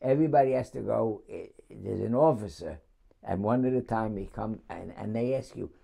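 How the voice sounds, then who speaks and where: Gravelly older man. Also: fairly low pitch, warm tone. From New York City. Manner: chuckling anecdotal storyteller, halting restarts. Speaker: war veteran interviewee. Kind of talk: oral history storytelling.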